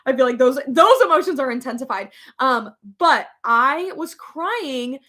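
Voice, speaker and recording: A woman's voice: sits high, lively intonation, unhurried, bright, forceful tone. A young woman hosting a casual live chat, rambling with many fillers and laughing often. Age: young adult. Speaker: livestream host reading comments.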